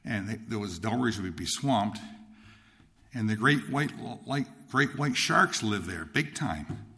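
A man from Nova Scotia, Canada, shares his testimony, telling his life story in a rambling way full of restarts and repeated words. His voice is lowish, expressive, and slow, with a pushed, bright quality.

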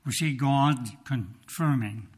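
A man delivers a sermon in a slow, emphatic voice of ordinary pitch. He tells his story with dramatic pauses and now and then checks his notes. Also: breathy edge. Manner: reads from notes. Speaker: preacher.

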